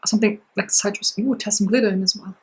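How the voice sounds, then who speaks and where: A woman talks through a beauty box in a loose, chatty vlog style, gushing and filling gaps with little asides. Her voice is very husky and breathy, sitting at an ordinary middle pitch. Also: fast talker, rough recording. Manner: chatty, excitable, lots of fillers. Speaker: beauty vlogger. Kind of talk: casual unboxing chat.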